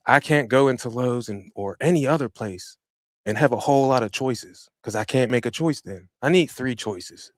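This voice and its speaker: A man hosting a live podcast, chatting casually and giving energetic, slangy shout-outs to viewers from a home podcast room. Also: mid-range voice, dry recording. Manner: slangy and informal. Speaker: podcast host. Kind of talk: live-stream podcast chat.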